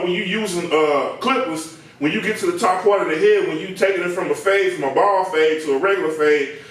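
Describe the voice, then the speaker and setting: A man who works as a barber tells a comedic story in a slangy, animated way, acting out the people in it. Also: high-pitched. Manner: slangy, animated, acts out voices. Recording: very echoey, distant from mic.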